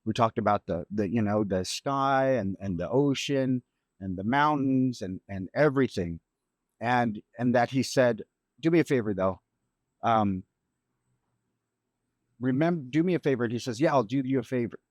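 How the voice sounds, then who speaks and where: A man's voice: mid-range voice, animated, no room sound. Reflective middle-aged man, dry close mic. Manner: halting, reflective, many restarts. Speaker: guest, grieving father. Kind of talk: emotional storytelling.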